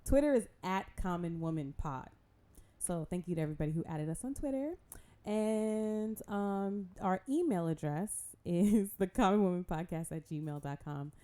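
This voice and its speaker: Chatty woman podcast co-host, lowish voice. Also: moderate pace, mellow. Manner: laughs often, chatty and encouraging. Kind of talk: casual podcast chat.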